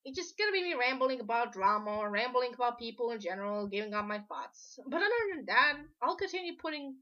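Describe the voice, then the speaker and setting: A woman's voice: fairly high pitch, sing-song, brisk, pushed and bright. A woman with a sore throat delivering a blunt, lecturing commentary rant with casual profanity, recorded on a dull lo-fi mic. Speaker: online drama commentator.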